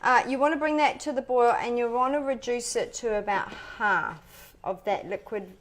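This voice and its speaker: A woman's voice: on the high side, normal speed. Chatty woman in a home kitchen. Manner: relaxed, chatty, talks while eating. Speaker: cooking show host. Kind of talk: casual cooking chat.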